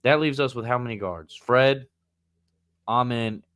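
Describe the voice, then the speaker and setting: A man's voice: mid-range voice, unhurried, a bit bright, clear, resonant tone, no echo, studio quality. A man co-hosting a casual sports talk stream, joking around and speaking bluntly in loose slang. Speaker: podcast co-host. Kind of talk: casual chat.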